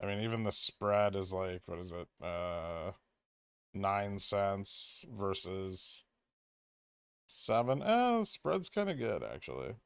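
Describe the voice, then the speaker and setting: A man's voice: sits low, very animated, takes it slowly, vocal fry, clean tone, no echo. A man hosting a trading livestream, reading viewer questions and answering them in an offhand, wry way, thinking aloud. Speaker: stock trading livestream host.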